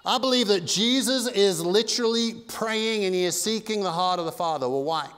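A man's voice: sits high, moderate pace, fairly bright tone, smooth, in a large hall. A male pastor preaching a sermon in an earnest, conversational way, mixing casual asides into his teaching. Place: church sanctuary.

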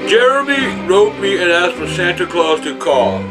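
An older man making prank phone calls, bursting into explosive, profane shouting tirades. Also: sits high, big pitch swings, normal speed, hardly any pauses, over music. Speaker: prank caller.

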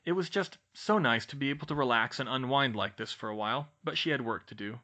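A man reading a fan fiction audiobook aloud in steady storytelling narration. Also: fast talker. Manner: steady storytelling, lively pitch. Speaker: audiobook reader.

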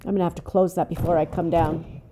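An older woman hosting a gaming channel, talking herself through a tense game in casual commentary, dropping to hushed whispers and then bursting out loud. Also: lowish voice, little pitch movement, fast, background noise. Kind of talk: casual let's-play commentary.

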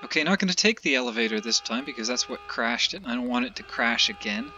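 An exasperated man grumbles and rants while playing through a game. His voice is medium-pitched, with clear noise underneath from the home recording. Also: big pitch swings, quick pace, pushed and bright, muffled recording. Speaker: let's play gamer. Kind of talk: let's play commentary.

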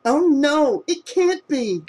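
A man voicing a frightened teenage girl who stammers in a high, shaky voice. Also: big pitch swings, normal speed, darkish tone, slightly rough, exaggerated voice, poor audio. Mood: stammering.

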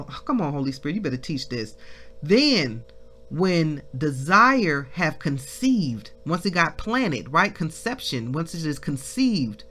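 Slow, lively-voiced woman preaching. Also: deep voice. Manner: reads scripture slowly, breaks into shouts of praise. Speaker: minister. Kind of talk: devotional Bible teaching.

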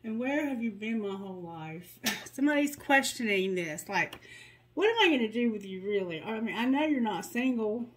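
A woman with a slightly high voice gives a tarot reading. She reads the card messages in a soothing, guiding tone. Between them she drops candid, joking remarks. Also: animated, moderate pace, low-quality recording. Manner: candid and joking, with blunt asides. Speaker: tarot reader.

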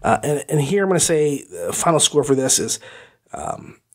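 A man hosting an audiobook review podcast chats casually in a rambling, goofy way, even humming pretend music. His voice is a little high, with big swings in pitch, and he talks at a moderate pace.

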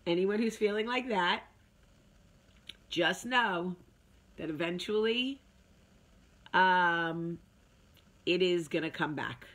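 A woman's voice: lowish voice, slow pace, long pauses, a bit bright. Chatty woman talking to her viewers. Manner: chatty, emphatic, with sung asides. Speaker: vlog host. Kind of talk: casual motivational talk to viewers.

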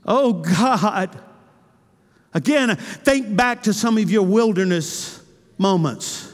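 Impassioned high-voiced pastor in a hall. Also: male voice, expressive, slow pace. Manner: impassioned preaching, swinging between loud cries and hushed intimacy. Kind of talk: sermon. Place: church sanctuary. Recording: church hall with long reverb.

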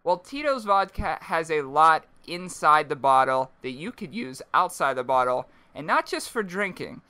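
A man's voice: on the high side, sing-song, normal speed, sharp tone, clean tone. A man in his twenties co-hosting a casual podcast, joking through a mock ad read. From Pennsylvania, USA. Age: 20s. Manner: jokey, mock-announcer ad reads. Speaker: podcast co-host.

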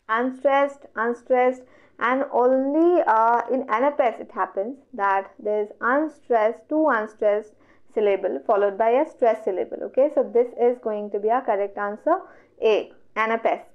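A woman with an Indian English accent speaks at a fairly high pitch and a measured pace. She is giving an online exam revision lecture, working through questions step by step and answering questions she poses to herself. The audio is dull and lo-fi.

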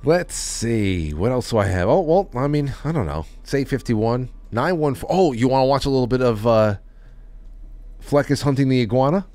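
A man's voice: medium pitch, expressive, moderate pace, a little mellow, no room sound. A man hosting a podcast, talking in a loose, rambling way with many restarts. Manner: rambling, with frequent restarts and trailing off. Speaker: podcast host. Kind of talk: casual chat.

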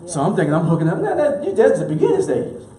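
A man's voice: sits high, huge pitch swings, fast, dark tone. A male minister preaching a sermon with emphatic repetition, leading the congregation to repeat lines back, sometimes chuckling. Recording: roomy echoey room.

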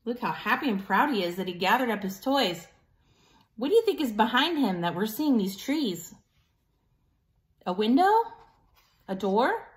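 A woman teacher reading a picture book aloud to children in an animated way, pausing to ask them questions. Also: on the high side. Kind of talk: children's story time.

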